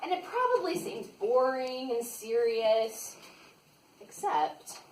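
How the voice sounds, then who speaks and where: Playful, animated woman reading aloud. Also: high voice, slow pace. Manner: playful, animated, shouting silly sounds. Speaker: read-aloud reader for children. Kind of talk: reading a picture book aloud to kids. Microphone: far from the mic. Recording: roomy echo from a distant mic, faint noise.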